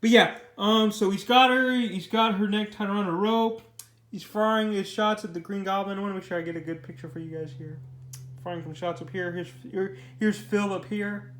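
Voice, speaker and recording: A man's voice: high voice, a bit bright, a little hiss or hum. A young man casually reviewing a comic book, rambling with lots of fillers and repeated words. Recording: echoey room.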